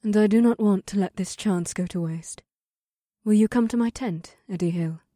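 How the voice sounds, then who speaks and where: A man voicing a bold, dark-haired warrior princess who speaks quietly and slowly. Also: high-pitched, no echo, studio quality, pitched above the performer's own voice, lightly acted. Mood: flirtatious. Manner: quiet, slow and lilting.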